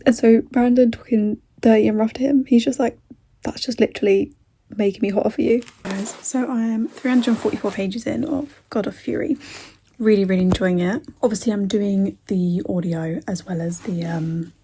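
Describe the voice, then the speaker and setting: A young woman chatting casually in a reading vlog, giggly, with soft whispered asides. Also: mid-range voice, fairly even intonation, normal speed, a little hiss or hum. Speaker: book vlogger.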